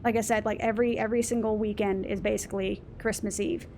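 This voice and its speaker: A woman ranting in casual chat over gameplay, exasperated, quick to swear and act out customers. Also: mid-range voice, level tone, darkish tone, a little hiss or hum. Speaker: let's play host.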